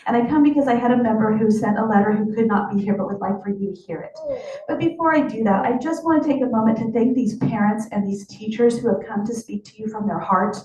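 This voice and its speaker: A woman with a slightly high voice gives a formal public comment at a board meeting. She sounds distant from the mic, and the large hall rings around her words. A faint murmur of room noise sits underneath. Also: quick pace, dark tone, muffled recording. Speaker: union vice president addressing school board. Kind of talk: public comment reading a letter.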